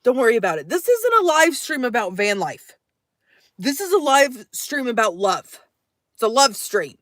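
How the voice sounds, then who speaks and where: A young woman chats on a late-night live stream in a high voice, hamming it up as she reads comments aloud. The sound is close and dry, with no room around her. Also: sing-song, moderate pace, fairly bright tone, no echo. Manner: playful and theatrical, reading chat aloud, exclaiming often.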